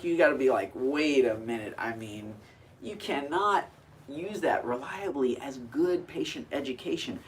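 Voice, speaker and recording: A man's voice: medium pitch, a little hiss or hum. A man in his forties, a cosmetic surgeon, earnestly explaining to camera with emphatic rhetorical questions.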